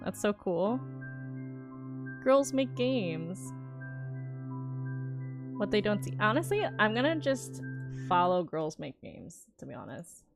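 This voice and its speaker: A woman's voice: mid-range voice, big pitch swings, slow pace, creaky, long pauses, music in the background. A young adult woman streamer gives a casual, enthusiastic reaction to a games showcase and muses aloud as she goes.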